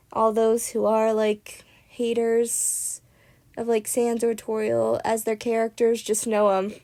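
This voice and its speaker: A young woman vlogging in a casual, rambling way, often repeating herself and filling pauses. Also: fairly high pitch, creaky, dark tone. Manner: rambling, filler-heavy, repeats "as I said". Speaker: YouTuber. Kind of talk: casual vlog talk.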